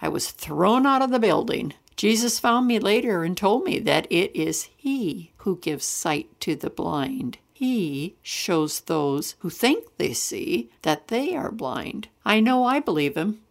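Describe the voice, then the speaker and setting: A woman storyteller giving an expressive, dramatic first-person reading of a Bible story. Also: medium pitch, takes it slowly, creaky, few pauses.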